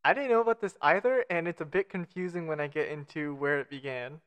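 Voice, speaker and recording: Guy cohosting a podcast, smooth clear voice, a bit high, jokey and self-deprecating. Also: fast talker, fairly bright tone. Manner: joking, self-mocking, stumbles over foreign names. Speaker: podcast co-host. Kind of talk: casual podcast chat, reading out facts.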